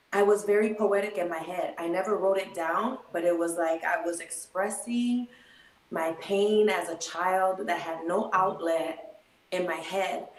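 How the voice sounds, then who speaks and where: A woman's voice: mid-range voice, echoey room, poor audio. A middle-aged woman from Chicago, telling her own life story in an earnest, reflective way. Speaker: guest speaker. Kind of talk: personal storytelling.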